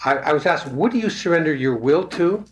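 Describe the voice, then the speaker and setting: A man's voice: on the high side, expressive, a little fast, lo-fi sound. Male group speaker, unscripted and hesitant; echoey room, light background noise. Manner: hesitant, many fillers and restarts. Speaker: speaker at a recovery meeting. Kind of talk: casual talk to a group.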